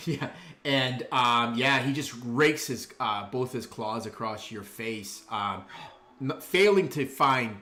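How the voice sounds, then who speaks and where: A man's voice: mid-range voice, takes it slowly, sharp tone, reverberant. Laid-back, chuckling man running the game. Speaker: dungeon master. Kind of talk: narrating a tabletop game.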